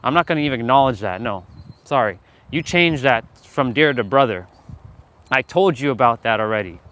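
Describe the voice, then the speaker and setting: A man's voice: mid-range voice, animated, normal speed, fairly bright tone. A man hosting a live motivational stream, talking to his chat in a fired-up, preachy way, swearing freely and calling out viewers by name. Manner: calls out chat viewers directly. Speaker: livestream host.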